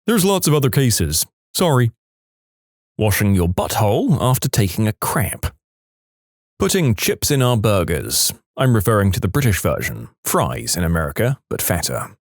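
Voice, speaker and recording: A man narrating online comments in a scripted reading, with a wry, lively delivery and small laughs. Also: mid-range voice, normal speed, no echo, studio quality.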